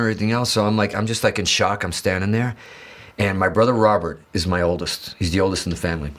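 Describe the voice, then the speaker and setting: A man from the Azores telling an excited, rambling story as a guitarist guest, swearing and acting out quotes. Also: fairly low pitch, fast. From Azores, Portugal. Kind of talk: animated storytelling in an interview.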